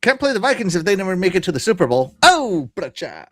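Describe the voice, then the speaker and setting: A man's voice: high-pitched, very animated, very fast, no room sound, clean studio sound. A man hosting a podcast, casually chatting and reading chat messages aloud with frequent laughter. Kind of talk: casual live-stream chat.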